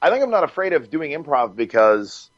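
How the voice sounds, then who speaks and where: A man guest on a podcast, telling stories in a casual, animated way, swearing freely and laughing as he goes. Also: on the high side, brisk, no room sound, muffled recording. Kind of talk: casual storytelling.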